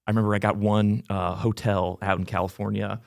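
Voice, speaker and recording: A young sales rep telling work stories in a relaxed podcast chat, full of ums and small laughs. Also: male voice, on the low side, fairly quick, creaky. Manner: relaxed storyteller with fillers and laughs. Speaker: new business development rep, guest.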